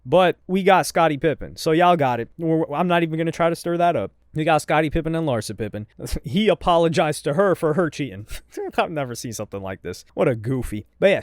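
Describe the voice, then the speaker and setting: A man's voice: fairly high pitch, no echo. A man hosting a casual commentary video, reading out messages with sarcastic, chatty asides. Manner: sarcastic, chatty, jumps between dry asides and loud reactions. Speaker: commentary channel host.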